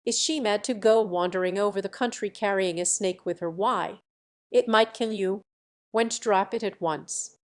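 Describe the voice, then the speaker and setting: Lady doing a bossy loud-mouthed village cake maker guy, gruff, always scolding. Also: medium pitch, normal speed, natural voice. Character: blustering middle-aged male village cake maker.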